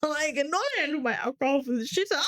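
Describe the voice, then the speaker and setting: A woman's voice: high-pitched, fast, fairly bright tone. A young woman with an Australian accent co-hosting a podcast, joking and laughing often. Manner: laughs often, chimes in with jokes. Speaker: podcast co-host. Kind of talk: casual chat.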